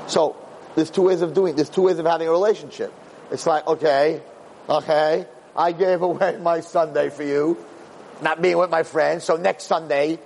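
A man giving a lively Torah lecture as a rabbi, acting out quotes in a storyteller's manner and building to excited peaks. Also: fairly high pitch, a little hiss or hum, poor audio.

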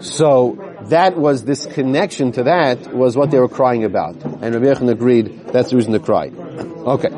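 A man teaching a Talmud class to listeners in a study hall. He reads the Aramaic text slowly, then explains it in plain English, sometimes losing his place and starting again. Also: medium pitch, a crowd in the background. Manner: loses his place at times and restarts.

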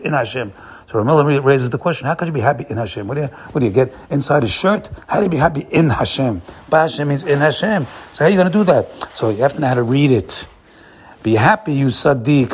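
A man's voice: a little high, breathy edge. A man giving a short inspirational sermon, talking straight to his listeners and repeating his points with emphasis. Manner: emphatic, repetitive, addresses listeners directly. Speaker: rabbi giving a daily talk.

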